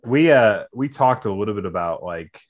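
A man co-hosting a casual podcast, asking a question haltingly and searching for his words. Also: lowish voice, expressive, dull audio. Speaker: podcast co-host, minister. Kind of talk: casual chat.

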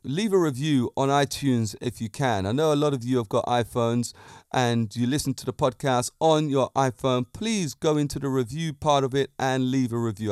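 A man's voice: mid-range voice, darkish tone, no room sound, clean studio sound. A man hosting a fitness lifestyle podcast, talking in an upbeat, preachy way and cracking jokes. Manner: upbeat and preachy, tells jokes, laughs often. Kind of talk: motivational podcast monologue.

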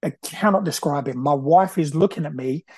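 A man's voice: on the high side, moderate pace, darkish tone, breathy edge, no echo. A man, earnestly telling a personal story as a podcast host, often repeating himself and restarting sentences.

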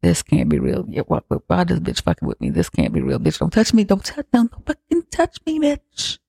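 A podcaster acting out a grieving mother in full panic. She swears, repeats her denials and lashes out, in a gravelly, mellow voice with a dry close sound. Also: medium pitch, wildly swooping pitch, fairly quick, dry recording, voice pushed up, heavily acted. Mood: panicked. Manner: panicked, profane, repeating herself. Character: frantic grieving mother losing her composure.

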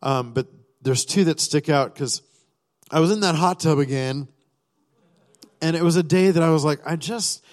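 A man's voice: fairly high pitch, moderate pace, long pauses, darkish tone. A man sharing a personal testimony during a sermon, rambling with many fillers and restarts, and acting out his own thoughts and prayers. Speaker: church speaker sharing a testimony. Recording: long reverb of a large hall.

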